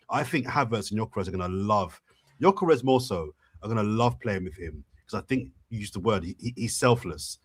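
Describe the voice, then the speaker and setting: A man's voice: on the low side, lively intonation, moderate pace, a little hiss or hum. A man co-hosting a casual football podcast over a remote call, giving emphatic opinions and weighing them aloud. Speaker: podcast co-host.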